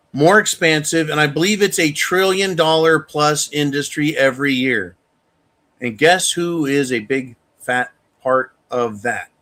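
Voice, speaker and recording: A man's voice: a little high, a bit bright. A man hosting a show, delivering an angry, profane monologue rant. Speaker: show host. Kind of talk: opinion monologue.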